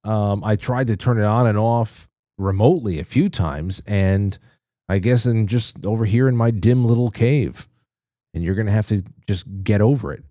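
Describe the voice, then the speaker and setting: A man's voice: on the low side, normal speed, warm tone, no echo, clean studio sound. A man hosting a live show, chatting casually and candidly with his audience, rambling and swearing now and then. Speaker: podcast host. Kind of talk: casual livestream chat. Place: dim small studio room.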